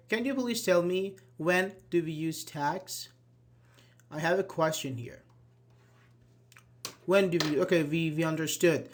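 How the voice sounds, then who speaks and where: A man's voice: a little high, fairly bright tone. Man teaching a grammar class. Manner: explains patiently, acts out example sentences, many "uh-huh"s. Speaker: English teacher.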